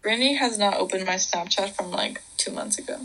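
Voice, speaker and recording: A young woman co-hosting a casual late-night livestream chat, chatty and giggly, sometimes dropping into hushed whispers. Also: mid-range voice, brisk, poor audio. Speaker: livestream co-host.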